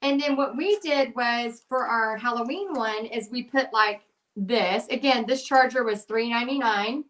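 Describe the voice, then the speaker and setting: A middle-aged woman hosts a casual craft demo. She talks in a chatty, rambling way, full of giggles and fillers, in a voice a little higher than most. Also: normal speed, fairly bright tone. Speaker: craft channel host.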